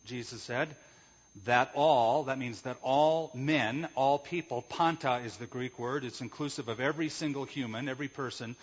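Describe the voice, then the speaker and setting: A man's voice: mid-range voice, moderate pace, husky. A male pastor preaching an emphatic sermon, explaining Greek words and posing rhetorical questions. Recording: echoey hall, dull lo-fi sound.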